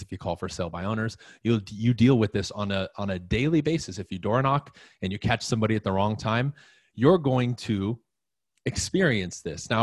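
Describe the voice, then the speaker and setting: A man with a fairly low voice gives a live-streamed coaching talk. He speaks bluntly and emphatically to his listeners, with the odd curse thrown in. The sound is dry, with no room echo. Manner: emphatic, profane, talks straight to the listener. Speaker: real estate coach.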